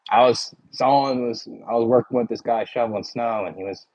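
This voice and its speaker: A man's voice: mid-range voice, a little fast, a little mellow, muffled recording. A man with a Philadelphia accent chatting casually with his livestream viewers, rambling and full of "like" and "you know".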